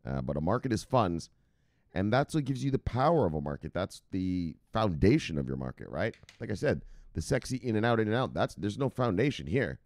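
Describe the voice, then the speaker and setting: Animated American man riffing on news. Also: fairly low pitch, brisk, no echo, studio quality. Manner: animated, profane, rambling, with mock dramatic voices. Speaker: crypto news host. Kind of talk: casual news commentary.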